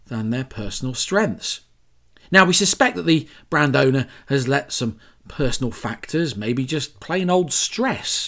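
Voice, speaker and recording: A man's voice: fairly high pitch, fairly bright tone. A man hosting a solo podcast, talking in a chatty, emphatic way with asides and self-corrections. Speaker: podcast host. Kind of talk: solo podcast talk on branding.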